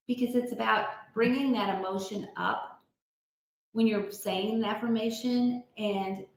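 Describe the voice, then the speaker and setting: A woman leading an online support group, chatty and encouraging, reading out comments and explaining self-help tools. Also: fairly high pitch. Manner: chatty, encouraging, many restarts and fillers. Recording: very echoey room.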